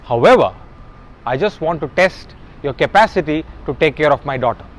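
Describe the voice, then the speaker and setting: A man voicing a calm, kindly village father who speaks in a measured, gentle way. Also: fairly high pitch, lightly acted.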